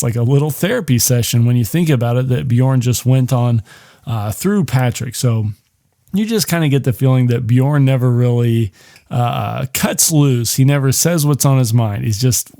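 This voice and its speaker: A man's voice: medium pitch, mellow. A man hosting a podcast, recapping a movie in a casual, rambling way, full of swearing and "like". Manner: rambling, profane, heavy on "like". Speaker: podcast host.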